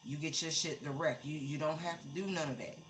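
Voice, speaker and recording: Tarot reader, live-streamed reading, casual and emphatic, middle pitch, clear background noise. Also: steady tone, a little fast, a bit bright, rough recording. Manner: casual, emphatic, repeats herself for stress.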